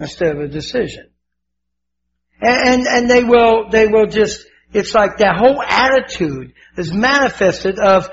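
A man's voice: high-pitched, animated, a little slow. An older man preaching a sermon as pastor, fervent and emotional, repeating his words. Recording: dull lo-fi with faint hiss.

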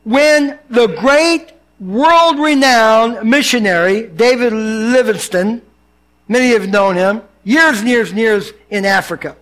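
A man's voice: extremely high pitch, takes it slowly. An older man, a pastor, preaching a sermon and telling personal stories, acting out the people in them. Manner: animated storyteller, acts out dialogue.

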